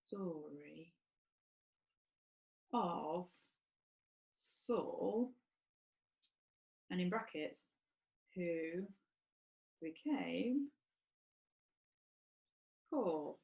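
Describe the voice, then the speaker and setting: A woman leading an online children's church session, talking gently and playfully to small children while doing crafts and telling a story. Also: fairly low pitch, animated, extremely slow, gravelly, long pauses, rough recording. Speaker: children's church group leader.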